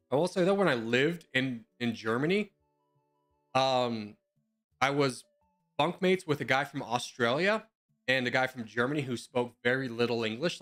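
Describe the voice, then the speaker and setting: A man's voice: mid-range voice, fairly bright tone. A young man chatting casually in voice chat while gaming, joking and sarcastic. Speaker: gamer in voice chat.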